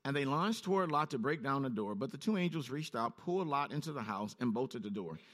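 Animated preacher man. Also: brisk. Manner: reads scripture low and steady, then rises sharply in pitch when preaching. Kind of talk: sermon with scripture reading.

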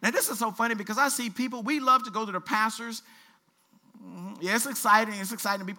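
A man pastor preaching a sermon, reading scripture aloud with colloquial asides and lively exhortation. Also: high voice, quick pace. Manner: animated preaching, reads scripture aloud with asides and playful voices.

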